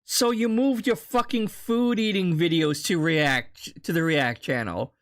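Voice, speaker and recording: A man's voice: sits high, a little slow, a bit bright. A man doing casual reaction commentary, mocking and heckling another streamer with lots of swearing.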